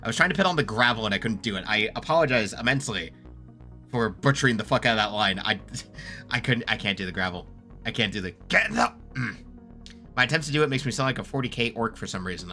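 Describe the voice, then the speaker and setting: A man's voice: fairly low pitch, fast talker, pushed and bright, faint music behind. A young man giving rambling, casual commentary as he ranks songs, full of filler words and the odd swear. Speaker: YouTuber ranking songs.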